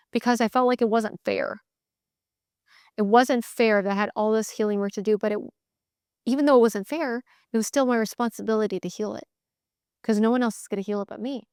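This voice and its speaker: Woman host, motivational solo talk, fairly high, smooth voice, emphatic repetition. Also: darkish tone, no echo, clean studio sound. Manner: emphatic, repeats phrases in bursts; candid, swears casually. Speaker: sales coach podcast host.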